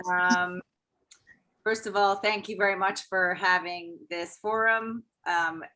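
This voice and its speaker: A woman's voice: medium pitch, bright, forceful tone. A woman speaks as a panel guest in a casual video-call discussion, candid and hesitant with many ums.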